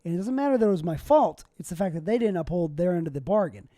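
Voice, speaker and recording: Young male comic hosting a solo podcast, rambling and self-deprecating, mellow tone, dry close sound. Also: high voice, expressive, fast, dry recording. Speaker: podcast host and stand-up comic. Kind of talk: casual solo podcast monologue.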